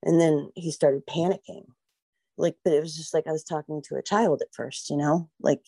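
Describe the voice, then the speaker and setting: Her voice is deep, steady, and warm with a slight roughness, moving at a moderate pace in a dry recording. She's a middle-aged American woman guesting in an emotional interview about her missing daughter, wandering through her story, voicing quotes, and saying "like" and "you know" often.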